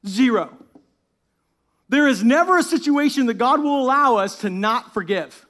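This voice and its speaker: A man with a fairly high voice delivers a sermon as pastor. He preaches with animated energy and laughs at his own asides, then softens to a hushed tone when he reads scripture aloud. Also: normal speed.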